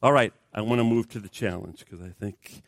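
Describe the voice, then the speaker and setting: A man's voice: fairly low pitch, fairly even intonation, a little fast, darkish tone, no room sound. A man preaching a sermon, telling a story with strong emphasis and speaking directly to his congregation. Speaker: pastor.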